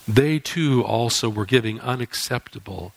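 A man preaching a sermon as an animated storyteller who acts out scripture and scenes. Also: mid-range voice, normal speed, dry recording, rough recording.

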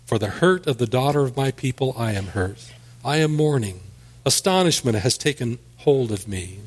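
A man's voice: medium pitch, expressive, normal speed, breathy edge. A man preaching a sermon, reading scripture aloud and then explaining it in plain words, with small restarts. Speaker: pastor.

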